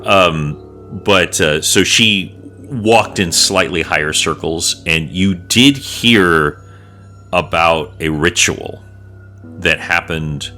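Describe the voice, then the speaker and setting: Deep, slow, bright-toned male dungeon master, casual and rambling, faint music under. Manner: rambling, filler-laden narration. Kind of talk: narrating a tabletop game.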